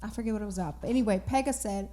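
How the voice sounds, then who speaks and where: A woman's voice: mid-range voice, rapid-fire, mellow. A woman co-hosting a casual podcast chat, telling stories animatedly and laughing often. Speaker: podcast co-host.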